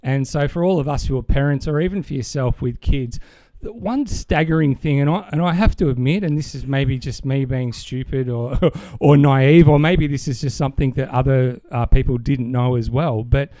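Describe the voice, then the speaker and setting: A man's voice: mid-range voice, moderate pace, mellow, no room sound. An Australian man co-hosting a podcast, explaining things at length in an enthusiastic, rambling way. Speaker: podcast co-host. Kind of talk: casual chat.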